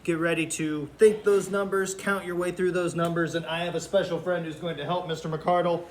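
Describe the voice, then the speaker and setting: A man's voice: a little high, steady tone, brisk, a little hiss or hum. A man teaching a kindergarten counting lesson to students at home, cheerful and patient, with sing-song counting. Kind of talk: remote lesson for young children.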